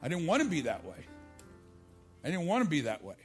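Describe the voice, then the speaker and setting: A man's voice: huge pitch swings, fairly quick, soft background music. Storytelling preacher man with raised voice. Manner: storytelling preacher, swings from loud emphatic lines to low quiet asides. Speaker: pastor. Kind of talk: sermon. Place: church service filmed for television.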